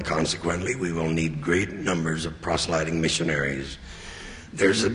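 A man giving an earnest, measured sermon as a church leader. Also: low-pitched, a bit bright. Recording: long reverb of a large hall.

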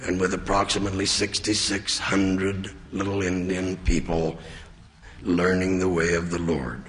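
A man giving an earnest, measured sermon as a church leader. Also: low voice, little pitch movement, fairly bright tone. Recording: long reverb of a large hall.

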